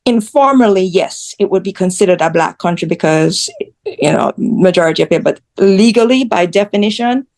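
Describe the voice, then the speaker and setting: A woman from Jamaica, a social media creator, speaking candidly as a guest in an interview and telling her story in a blunt, animated way. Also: medium pitch, moderate pace. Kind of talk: conversational interview.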